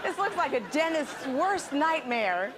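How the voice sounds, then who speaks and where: A woman's voice: sits high, big pitch swings, a little slow, heavy background noise. A woman co-hosting a TV show with scripted, teasing banter and easy laughter, in front of a crowd. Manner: wry, teasing, laughs easily. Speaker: co-host.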